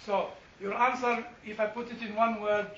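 A man's voice: high voice, moderate pace, a little hiss or hum. A man leading a church Bible class, asking questions and joking at his own expense. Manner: animated, questioning, self-deprecating humor. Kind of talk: classroom discussion. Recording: far-off echoey room mic, slightly dull.

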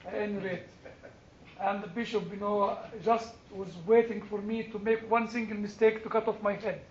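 A man with a notably high voice teaches a church class, moving from personal stories to pointed questions for his listeners. The room is echoey and the sound a little muffled, with faint background noise. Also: little pitch movement, normal speed. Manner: storytelling, asks the room questions, builds to forceful emphasis. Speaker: Orthodox clergyman teaching a class.

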